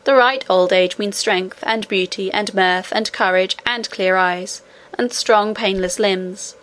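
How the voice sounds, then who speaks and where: A woman reading the part of an ancient, wise great-great-grandmother who speaks calmly and tenderly. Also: mid-range voice, a little slow, natural voice. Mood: earnest. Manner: calm, tender, gently admonishing.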